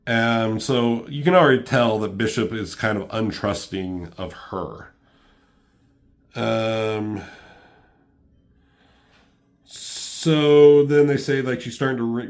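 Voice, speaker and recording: A man's voice: fairly low pitch, a little slow. A man casually reviewing a comic book, rambling with lots of ums and swearing freely.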